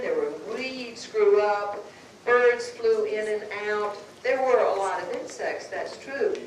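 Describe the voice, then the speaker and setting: A woman storyteller telling a folktale live to an audience, with dramatic, drawn-out phrasing. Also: on the high side. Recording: echoey room, far mic, background noise.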